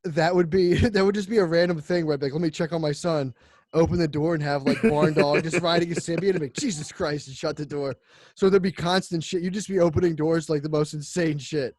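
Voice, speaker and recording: A man's voice: on the high side, fairly even intonation, fast, a little mellow, no room sound, clean studio sound. A man co-hosting a casual comedy podcast, rambling through an invented story and acting out little scenes with frequent laughter. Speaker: podcast co-host.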